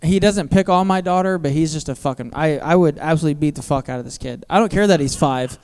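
A man in his thirties performing stand-up on a comedy theater stage, his voice smooth and clear through a handheld mic. He sits a little high for a man and tells filthy family stories in a flat, self-mocking way. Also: fast talker. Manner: crude, deadpan storytelling with self-mocking asides.

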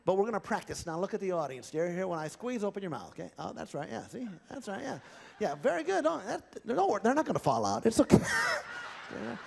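A man's voice: high-pitched, big pitch swings, fast talker, gravelly, a little mellow, breathy edge, big-room sound. A male ventriloquist on a large theatre stage, doing genial live comedy patter and teasing audience volunteers.

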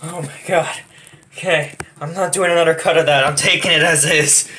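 A man's voice: fairly high pitch, steady tone, moderate pace, background noise. A young man talking casually while filming bloopers, swearing a lot and laughing at his own mistakes. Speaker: video creator.

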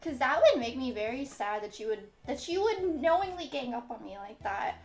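A high-voiced woman streams from her room, swearing freely and playing up her suffering for laughs as she reads chat and answers viewers. Her voice rings in a roomy, echoey space, with faint music under it. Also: expressive, moderate pace, darkish tone. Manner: profane, melodramatic comic complaining. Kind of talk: casual live-stream chat with chat readouts. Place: her upstairs room at home.

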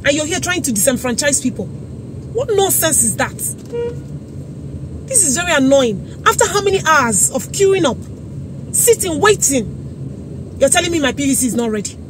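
A woman's voice: sits high, sing-song, normal speed, long pauses. A young Nigerian woman with a Nigerian accent, ranting angrily into her phone in an exasperated vlog outside a busy government office. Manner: indignant, exasperated, repeating herself. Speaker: vlogger. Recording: crowd and traffic noise behind.

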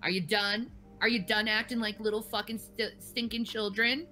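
A woman's voice: a little high, fairly even intonation, moderate pace, sharp tone. An enraged woman streamer in a furious, profane tirade, stammering as she repeats herself. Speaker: livestreamer. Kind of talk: angry livestream rant.

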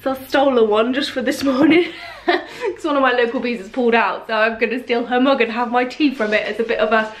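A woman's voice: fairly high pitch, a little fast. A young woman talking to camera in a casual, chatty, giggly way. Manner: chatty and giggly, rambling, self-mocking. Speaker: lifestyle vlogger. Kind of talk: casual vlog chat to camera.

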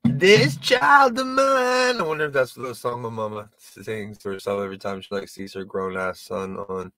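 A man's voice: on the low side, gravelly, fairly bright tone, no room sound. Rambling, self-mocking male comedian. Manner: rambling, self-deprecating, profane, with many stumbles and restarts. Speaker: comedian and video creator. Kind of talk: casual stand-up monologue to camera.

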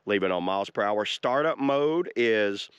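A man's voice: fairly low pitch, expressive, normal speed, clear, resonant tone, no echo, highs cut off. A man giving a casual, folksy walkthrough of an e-bike outdoors by a lake, talking to viewers as y'all. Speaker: e-bike reviewer.

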